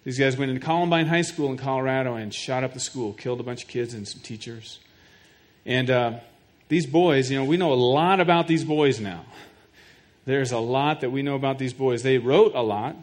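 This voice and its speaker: A middle-aged man preaches as pastor in a mid-range voice at a moderate pace. Speaking earnestly to his congregation, he repeats a word now and then to build a point and directs questions right at his listeners.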